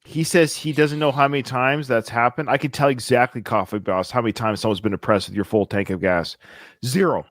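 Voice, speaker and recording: A man co-hosting a podcast, talking in a sarcastic, animated way and laughing often. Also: medium pitch, brisk, no room sound, clean studio sound. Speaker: podcast co-host. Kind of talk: casual podcast chat.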